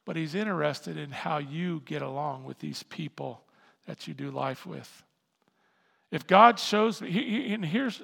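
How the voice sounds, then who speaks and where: A man preaching a sermon as pastor, animated, repeating words as he builds to loud emphasis. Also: fairly high pitch, gravelly. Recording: reverberant hall sound.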